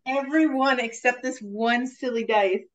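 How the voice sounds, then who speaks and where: A woman's voice: fairly high pitch, a little slow. A woman playing a tabletop game, chatting in a hesitant, unsure way as she works out her rolls. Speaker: player. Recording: dull lo-fi audio.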